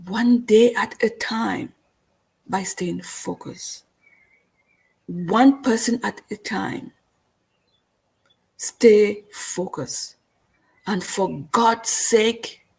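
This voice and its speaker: Woman host, non-native accent, husky voice, slow and earnest on a solo stream. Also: medium pitch, darkish tone. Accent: non-native English. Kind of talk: solo live stream reading comments.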